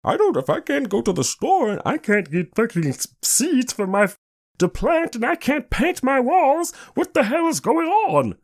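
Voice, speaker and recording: A man's voice: very animated, normal speed, full character voice. A man putting on a mocking voice of a whiny adult complaining about quarantine limits. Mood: whiny mockery. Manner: mocking, high-pitched whine.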